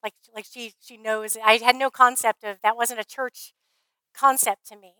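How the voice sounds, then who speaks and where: A woman speaker at a conference, telling her faith story in an earnest, heartfelt way, often trailing off softly. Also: on the high side, steady tone, moderate pace, clean tone, dry recording, low-quality recording. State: briefly emotional. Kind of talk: faith testimony talk.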